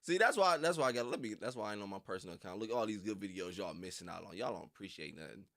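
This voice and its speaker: A man's voice: on the low side, expressive, racing, a bit bright, no echo, studio quality. Slangy young man chatting on stream. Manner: rambling, slangy, laughs often. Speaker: reaction streamer. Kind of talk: casual livestream chat.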